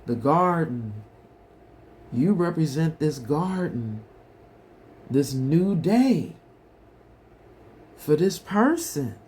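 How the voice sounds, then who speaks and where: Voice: mid-range voice, big pitch swings, very slow, pauses often, darkish tone, a little hiss or hum. A tarot reader giving a collective reading in a casual, chatty way, talking straight to the viewers.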